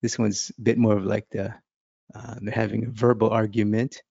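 Male art instructor, chatty and laughing as he sketches, gravelly, close and dry. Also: on the low side, flat delivery, moderate pace, mellow, no echo, highs cut off. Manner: chatty, laughing, thinking aloud while sketching. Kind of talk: casual drawing lesson.

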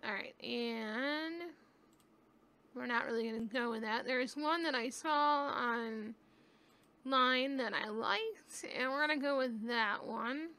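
High, bright-voiced woman chatting over gameplay. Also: takes it slowly. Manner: chatty and rambling, thinks aloud. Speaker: gaming YouTuber. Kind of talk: casual gameplay commentary. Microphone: webcam.

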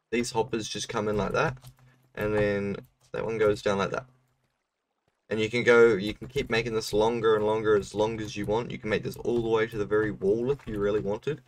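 A young man chats through his gameplay in an easygoing, slightly low voice, walking a viewer through a build and laughing as he goes. He sounds a little set back from the microphone. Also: recorded from a distance. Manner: laid-back explaining, laughs often. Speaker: streamer. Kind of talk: casual gameplay commentary.

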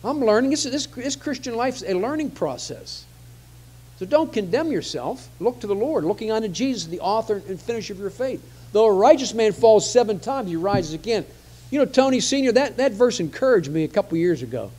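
A man's voice: sits high, very animated, a little fast, darkish tone, slightly rough. A man preaching a conversational sermon, often repeating phrases for emphasis.

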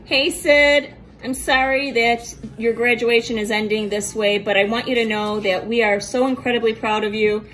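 A woman's voice: a little high, steady tone, moderate pace, a bit bright, soft background music, low-quality recording. A woman giving a tender, heartfelt message.

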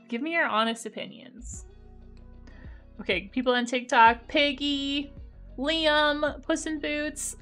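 A woman's voice: high voice, pushed and bright. Upbeat woman streamer reading chat. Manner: upbeat, thanks viewers by name while reading chat. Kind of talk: casual live-stream chat.

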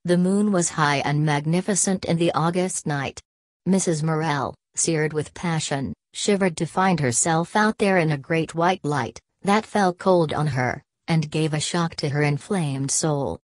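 A woman reading a classic novel aloud as an audiobook narrator, in a steady, even manner. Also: deep voice, a little slow, no echo. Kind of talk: scripted narration.

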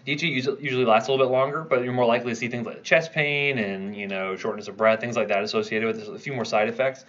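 A man's voice: mid-range voice, steady tone, rapid-fire, a bit bright, lo-fi sound. A man teaching a pharmacology review class, quizzing students and checking in with "right?" as he goes. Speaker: pharmacology instructor. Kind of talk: review lecture.

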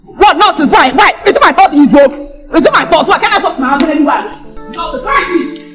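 A woman with a Nigerian accent playing a scornful wife who shouts insults at her jobless husband in public, in a movie. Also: high voice, animated, fairly quick, faint music behind. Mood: scolding. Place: outdoors in public.

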